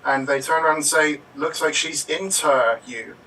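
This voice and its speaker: A man in an improv game, telling his joke setups in an unhurried, hesitant way. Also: fairly high pitch, far from the mic, a crowd in the background, poor audio. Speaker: improv player.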